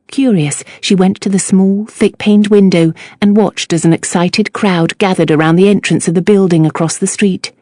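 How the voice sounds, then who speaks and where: A woman narrating a novel audiobook in a measured, even reading. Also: lowish voice, no room sound, studio quality. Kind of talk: scripted narration.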